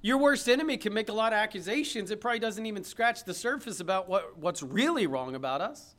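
A man's voice: high voice, expressive, fast, fairly bright tone. A man preaching an emphatic sermon, reading scripture aloud and putting rhetorical questions to his listeners.

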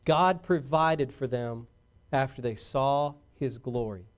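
A man preaching a sermon to his congregation, swinging between loud exhortation and hushed, earnest talk, and calling out for amens. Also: mid-range voice, takes it slowly. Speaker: pastor.

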